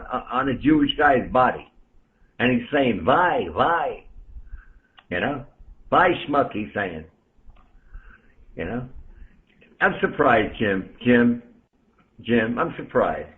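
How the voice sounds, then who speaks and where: A blunt, ranting man from the Bronx holds forth on an amateur radio channel, his voice swinging up and down with lively emphasis. He keeps calling out other listeners by name. The sound comes through a narrow, tinny radio transmission. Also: medium pitch, takes it slowly, pauses often. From the Bronx, New York. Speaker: ham radio operator. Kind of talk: on-air ranting chat.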